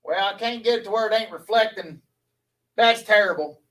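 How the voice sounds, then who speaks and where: A man's voice: sits high, brisk, a bit bright, recorded from a distance, low-quality recording. A man from Louisiana with a Southern accent, chatting folksily with viewers on a live stream, rambling and laughing easily.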